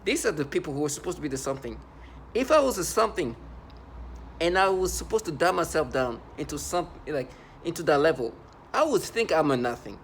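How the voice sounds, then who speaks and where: A man in his thirties giving a rambling, halting personal monologue to the camera in an aggrieved tone. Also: on the high side, sing-song, a bit bright, a little hiss or hum.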